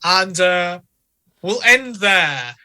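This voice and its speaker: A man narrating a tabletop game as game master, telling the scene slowly and deliberately and laughing often. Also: high voice, lively intonation, sharp tone.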